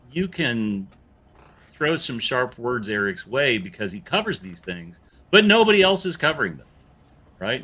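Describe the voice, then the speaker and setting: A man's voice: mid-range voice, pushed and bright. A man co-hosting a livestream, talking emphatically and persuasively. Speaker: co-host. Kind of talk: casual livestream chat.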